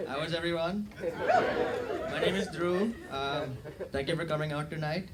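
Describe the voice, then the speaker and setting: Speaking over a noisy crowd, this young comic has a fairly high voice and a moderate pace. He chats conversationally into a handheld mic on a club stage, mocking himself and tossing in fillers and asides. Loud laughter and heavy background noise fill the live recording.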